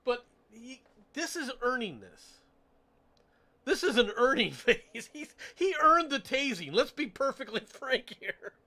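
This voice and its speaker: A man's voice: very high voice, measured pace. A man hosting a casual stream who laughs often and jokes with his co-host. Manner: laughs often, animated and joking.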